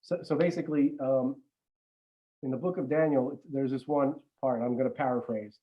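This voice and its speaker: A man's voice: medium pitch, fairly even intonation, moderate pace, narrow, tinny audio. A man chatting casually as a regular podcast guest, rambling with many restarts and some swearing. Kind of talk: casual chat.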